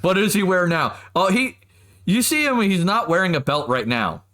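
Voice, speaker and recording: An excitable man runs a tabletop session, his bright, forceful voice sitting a little high. He laughs often while describing the scene to his players. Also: moderate pace. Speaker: game master. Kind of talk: narrating a tabletop game.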